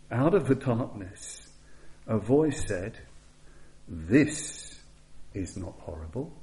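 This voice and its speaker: Man, Buddhist teacher, dharma talk; measured, repetitive for emphasis, mid-pitched, dips to a hush. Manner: measured, repeats phrases for emphasis, drops to a soft hush for quoted lines.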